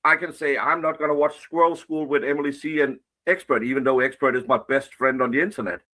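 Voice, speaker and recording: A man's voice: medium pitch, steady tone, quick pace, sharp tone. A man on a played clip, ranting angrily and profanely, confronting his critics. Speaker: online commentator. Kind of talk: angry rant.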